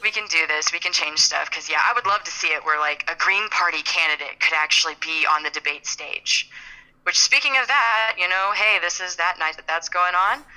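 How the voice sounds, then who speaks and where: A woman's voice: fairly low pitch, brisk, pushed and bright, poor audio. A young adult woman co-hosting a casual podcast chat, talking in a rambling way and stammering now and then as she looks for words. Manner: chatty, rambling, stammers when searching for words. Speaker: podcast co-host.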